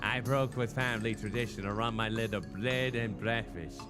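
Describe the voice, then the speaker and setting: A man's voice: fairly low pitch, normal speed, over music, close to an everyday voice. A man voicing a creepy, grinning male butcher innkeeper with a lisp, sly and overly cheerful, drawing out his words.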